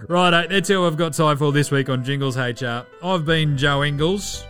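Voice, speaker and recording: A man's voice: on the high side, moderate pace, a bit bright, soft background music. An Australian man presenting a mock HR advice segment in a comedic skit, playing up being choked with emotion and sentimental.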